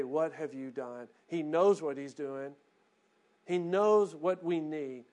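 A pastor delivers a sermon in a fairly high voice. He drops into quiet, reflective passages and then builds to emphatic, rising calls to his congregation.

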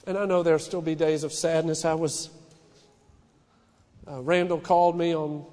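A man's voice: on the high side, mellow, big-room sound. A middle-aged man, a pastor, preaching a sermon in an earnest, personal way, often restarting his sentences and rising in emphasis.

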